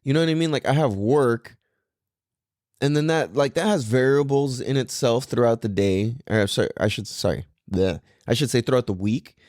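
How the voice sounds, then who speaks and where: A man's voice: mid-range voice, normal speed, a little mellow, no room sound, studio quality. A young man hosting a podcast in a casual monologue, full of surfer slang, swearing and "like" and "dude". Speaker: podcast host.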